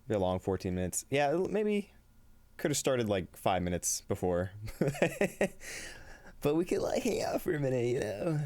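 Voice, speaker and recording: Laughing often and reading chat aloud, a man keeps up an upbeat, casual livestream conversation with his viewers, though he sounds tired and a little shaky. His medium-pitched voice is very animated and a little mellow, at a moderate pace, with no room sound.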